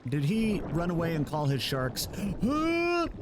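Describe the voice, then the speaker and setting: A man's voice: on the high side, normal speed, background noise. A man streaming a game live, commenting as he plays, often yelping and exclaiming in surprise. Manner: excitable, yelps and exclaims often.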